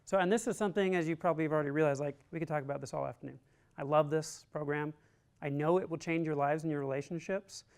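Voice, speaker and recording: A fast-talking man with a slightly high, fairly even voice that is gravelly, darkish and clean leads a resilience lecture for the army. Informal and talkative, he fills his personal story with "like" while sounding heartfelt and encouraging.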